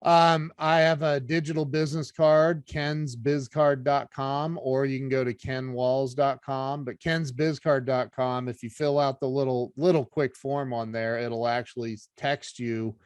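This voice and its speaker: An animated middle-aged man sharing a personal story as a podcast guest. His voice sits in an ordinary middle register and sounds dry and close, with no room around it. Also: medium pitch, measured pace, few pauses, clean tone, no room sound. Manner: animated storyteller, earnest and faith-driven. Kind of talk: casual storytelling chat.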